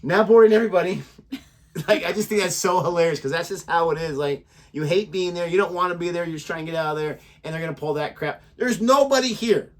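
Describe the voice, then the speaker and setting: A man's voice: a little high, fairly even intonation, fast. A man co-hosting a reaction video in casual chat, joking and rambling as he laughs often. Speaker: reaction channel co-host.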